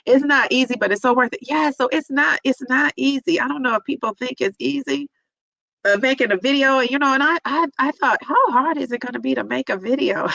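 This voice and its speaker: Her voice sits high, gravelly and a bit bright, captured in a dry, lo-fi recording. Reading her live chat, this middle-aged vlogger grows teary and emotional as she talks with viewers, leaning on many fillers.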